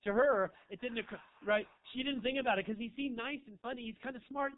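A man's voice: extremely high pitch, fast. A man from Marin doing a crude, camp stand-up set in a small club, rambling through a story with asides to the crowd. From Marin County, California. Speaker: stand-up comedian. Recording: tinny, phone-like live club recording.

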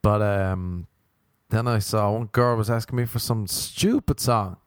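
With a lowish, steady voice and an unhurried pace, this young man hosts a podcast in a dry, studio-quality recording. He wanders through funny stories, cursing a lot and switching between goofy impressions.

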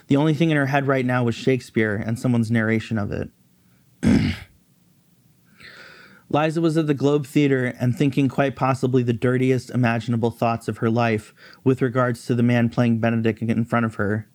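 Male reader, mid pitch, close dry mic, lifts pitch for characters. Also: a little mellow, no room sound. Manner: pitches voice up for the female characters' lines. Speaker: author reading his novel. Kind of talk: reading fiction aloud, voicing characters.

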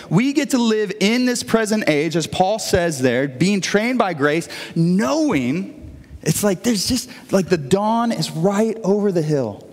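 High-voiced pastor preaching in a church. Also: male voice, lively intonation, measured pace. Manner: earnest, conversational storytelling with frequent restarts. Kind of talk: sermon. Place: church sanctuary. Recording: long reverb of a church hall.

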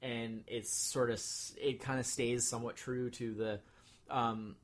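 A man's voice: medium pitch, little pitch movement, measured pace. A man co-hosting a casual podcast chat, rambling with many fillers and restarts. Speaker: podcast co-host.

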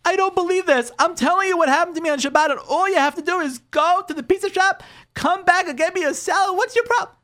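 A man's voice: extremely high pitch, quick pace, sharp tone, pitched above the performer's own voice. A man voicing a hurt, exasperated young newlywed wife, firing off pleading, accusing questions.

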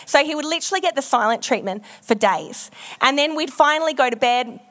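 A woman's voice: sits high, lively intonation, fairly quick, fairly bright tone. A woman pastor preaching a sermon, telling frank, self-deprecating stories in a loose, conversational way with plenty of ums and likes.

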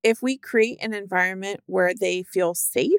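A woman's voice: medium pitch, normal speed, smooth, no room sound, studio quality. A woman co-hosting a podcast who talks casually and emphatically, with colorful turns of phrase. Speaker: podcast co-host. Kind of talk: casual advice chat.

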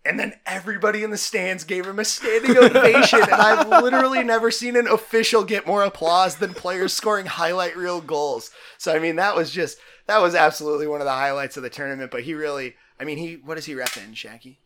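A man co-hosting a podcast, chatting loosely and enthusiastically. His voice sits a little high with a bright, forward tone. He rambles along, leaning on fillers as he goes. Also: a little fast, few pauses, a little hiss or hum. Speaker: podcast co-host. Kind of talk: casual chat.

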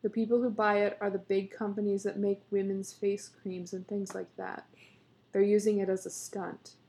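A woman's voice: mid-range voice, level tone, normal speed, warm tone, natural voice. A woman voicing a proud, teasing beekeeper husband in a read-aloud story, coaxing and patient as he explains himself. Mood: boastful.

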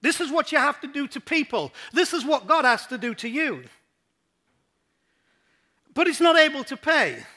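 A male pastor delivers an emphatic sermon with a very high, bright voice. His pitch swings widely as he repeats phrases to press each point home in a church. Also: sing-song, moderate pace, pauses often.

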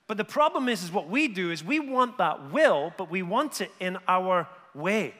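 A man preaches a lively, conversational sermon, firing rhetorical questions at his listeners. His voice sits high and sounds bright and forceful. A long reverb trails behind each line, as in a large hall. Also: normal speed. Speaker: pastor.

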